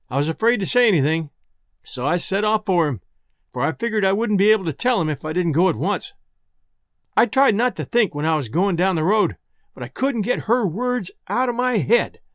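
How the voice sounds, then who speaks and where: A man's voice: high-pitched, lively intonation, normal speed, dry recording, studio quality. A man narrating a first-person storybook tale in folksy, rustic dialect. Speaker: audiobook narrator.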